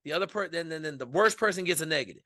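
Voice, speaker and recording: Guy from washington spinning a story on a podcast, cussing, loose and animated, bright punchy voice. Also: on the high side, rapid-fire, no room sound, studio quality. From Washington state. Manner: animated, profane, blunt. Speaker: podcast guest. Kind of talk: casual storytelling.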